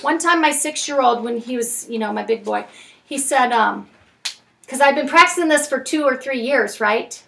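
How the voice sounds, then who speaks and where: Frank high-voiced woman leading a class. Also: normal speed, creaky, pushed and bright, recorded from a distance, a little hiss or hum. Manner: frank, emphatic, lots of tag questions. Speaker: parenting class leader. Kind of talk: recovery group lesson. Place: meeting room with group.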